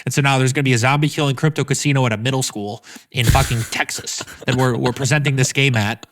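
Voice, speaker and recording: A man's voice: mid-range voice, fast talker, a little hiss or hum. A man who founded a game studio, talking energetically in a casual podcast interview, swearing freely and acting out quoted voices. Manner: energetic, profane, acts out quotes.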